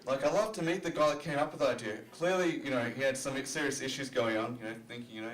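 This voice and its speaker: A man's voice: medium pitch, quick pace, hardly any pauses. A man doing a stand-up comedy set on a club stage, talking in a loose, self-deprecating way full of "you know" fillers. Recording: roomy club recording.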